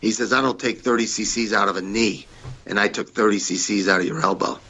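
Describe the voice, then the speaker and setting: A man's voice: lowish voice, steady tone, brisk, pushed and bright, breathy edge, highs cut off. A man telling blunt, profane stories as a podcast guest, acting out the people he quotes in a raised voice. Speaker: podcast guest, former wrestler. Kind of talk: casual interview storytelling.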